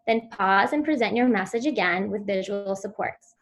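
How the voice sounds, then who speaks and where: Woman, mid-pitched, clear instructive presenter for a virtual conference talk. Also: normal speed. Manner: clear instructive delivery, models sounds for children. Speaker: speech therapy presenter.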